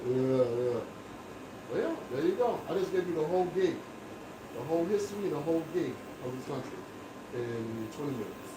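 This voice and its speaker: A man's voice: on the high side, expressive, brisk, recorded from a distance. A man talking casually while he works as a barber, speaking in an emphatic, lecturing monologue. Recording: echoey room with background noise.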